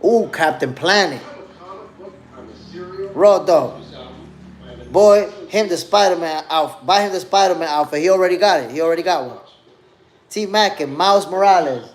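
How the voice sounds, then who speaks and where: A man's voice: high voice, moderate pace, pauses often. A man in his fifties hosting a live stream, chatting casually in slang and reminiscing as he reads out the chat. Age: 50s. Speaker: boxing podcast host.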